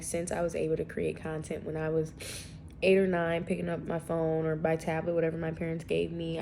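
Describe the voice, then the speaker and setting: Sniffling a bit from allergies, a young woman chats casually for her vlog, rambling, slangy and self-deprecating. Her voice sits on the low side with a dark tone and vocal fry, against slight background noise.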